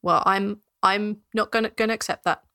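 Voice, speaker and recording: A woman's voice: mid-range voice, steady tone, moderate pace, bright, forceful tone, dry recording, clean studio sound. A woman voicing a kindly male prison guard who stammers and trips over nearly every word. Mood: anxious.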